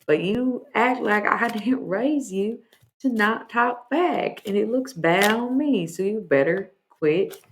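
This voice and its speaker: A woman's voice: medium pitch, lively intonation, slow pace, a little hiss or hum, pitched above the performer's own voice. A woman channeling a stern Southern grandma. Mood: scolding. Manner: scolding, emphatic. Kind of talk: tarot channeling on a live stream.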